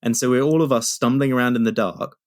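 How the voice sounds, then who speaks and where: A man's voice: medium pitch, fast, no room sound, studio quality. A young man co-hosting a podcast, telling stories in a rambling way with many restarts. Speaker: podcast co-host. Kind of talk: casual chat.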